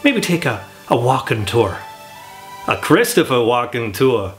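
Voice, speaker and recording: A man's voice: mid-range voice, sing-song, unhurried, loud music behind the voice. A man hosting a comedic film review, talking with wry, joking asides.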